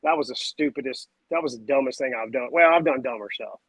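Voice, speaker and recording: A man, a podcast guest telling stories in a casual, animated way. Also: mid-range voice, fast, slightly rough, no echo, rough recording. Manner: animated, acts out voices and sounds. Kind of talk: casual storytelling chat.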